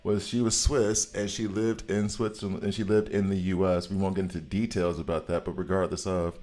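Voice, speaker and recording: A man in his forties from the United States, rambling and chatting casually as he comments on a game stream, quick to laugh. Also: low voice, flat delivery, a little mellow. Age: 40s. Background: faint background music.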